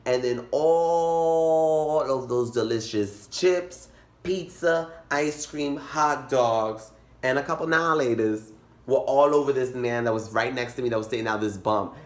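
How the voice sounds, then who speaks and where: A young man telling a comic story in a vlog, animated and dramatic, jumping into high squeals. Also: measured pace. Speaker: vlogger. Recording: echoey room.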